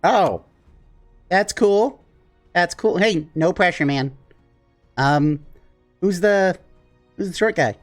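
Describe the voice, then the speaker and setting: A man's voice: high-pitched, slow pace, pauses often, soft background music. A man playing an easygoing demon cult leader. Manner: casual, easygoing, recruiting with a shrug. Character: laid-back male bear-faced demon cult leader. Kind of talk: tabletop role-play.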